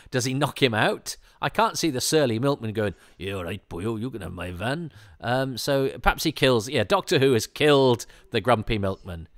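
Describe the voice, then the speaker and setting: Rambling low-voiced man, dry sound. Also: fairly bright tone, no room sound. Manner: rambling, with many restarts and fillers; chatty and amused. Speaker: podcast host. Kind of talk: casual episode commentary.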